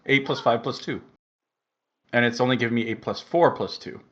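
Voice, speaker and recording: A man's voice: mid-range voice, fairly quick, crowd noise. A man playing in an online tabletop game, puzzling over his character's numbers. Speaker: player. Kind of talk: casual tabletop game play. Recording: lo-fi online call audio.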